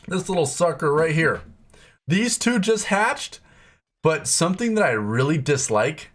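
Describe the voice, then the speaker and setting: A young man giving excited, exclamatory commentary while walking through a video game's new features. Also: medium pitch. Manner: excitable, exclamatory, lots of "oh my gosh". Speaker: game content creator.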